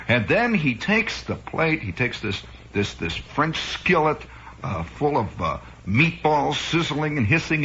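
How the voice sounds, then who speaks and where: A man from Chicago spins a wry, rambling monologue with a lively, rising and falling voice. His tone is bright and forceful. The sound is muffled, like an old 1960s radio broadcast. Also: a little high, unhurried, a little hiss or hum. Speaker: radio host. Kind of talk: improvised comic monologue. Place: radio studio.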